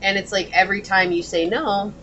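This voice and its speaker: A woman talks through a pick-a-card tarot reading in a casual, chatty way. Her voice is bright and lively, she laughs easily, and she keeps acting out little quoted lines. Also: mid-range voice, fairly quick, a little hiss or hum. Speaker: tarot reader.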